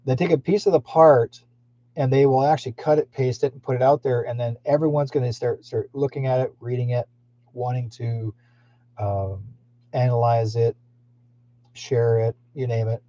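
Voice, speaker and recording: A man's voice: mid-range voice, fairly even intonation, normal speed, mellow. A man hosting a psychic live stream, talking in a meandering way with frequent fillers and restarts. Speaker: psychic livestream host. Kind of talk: rambling live-stream talk. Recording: dull lo-fi stream audio.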